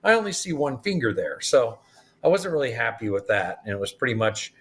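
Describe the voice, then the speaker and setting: Animated man retelling a story. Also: mid-range voice, a little fast. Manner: animated retelling with quoted dialogue. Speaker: interview guest. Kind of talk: storytelling in an interview.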